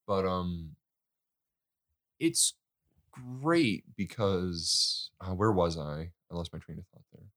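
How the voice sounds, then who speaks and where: A man's voice: slow, long pauses, a bit bright. A man co-hosting a casual film podcast, swearing, laughing and acting out quotes. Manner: swearing, laughing, acts out quotes in high voices. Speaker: podcast co-host.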